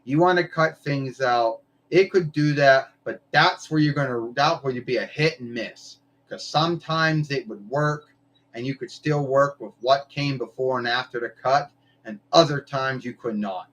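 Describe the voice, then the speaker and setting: A man's voice: mid-range voice, a bit bright, poor audio. A man hosting a live stream, talking in a loose, meandering way and swearing casually. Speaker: livestream host.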